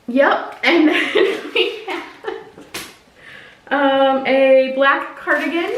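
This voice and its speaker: Chatty high-voiced woman in echoey room. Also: fairly bright tone, far from the mic. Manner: chatty, giggly, lots of fillers. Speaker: fashion unboxing vlogger. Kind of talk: casual try-on haul chat.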